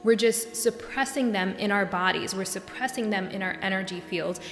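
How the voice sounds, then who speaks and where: A woman's voice: mid-range voice, normal speed, soft background music. Earnest woman podcaster in an echoey room. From New York. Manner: earnest, gets worked up and animated. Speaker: podcast host and coach. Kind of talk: solo podcast monologue. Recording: echoey room with long reverb.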